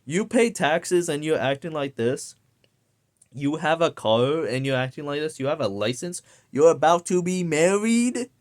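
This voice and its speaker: A man's voice: a little high, animated, normal speed. A young man ranting casually to camera, rambling and swearing with lots of fillers. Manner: profane, rambling, many fillers. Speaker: vlogger.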